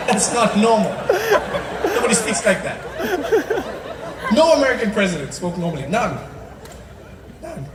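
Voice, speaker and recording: A man's voice: sits high, big pitch swings, moderate pace, long pauses, heavy background noise. A man performing live stand-up comedy on an arena stage, talking conversationally and building repetitive riffs. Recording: distant roomy arena audio with roaring crowd.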